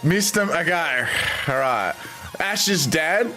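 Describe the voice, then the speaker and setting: Australian man, young adult, live streamer, unhurried pace, very lively pitch, faint music behind. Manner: amused, reads viewer suggestions aloud with incredulous reactions. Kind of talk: live stream commentary reading chat.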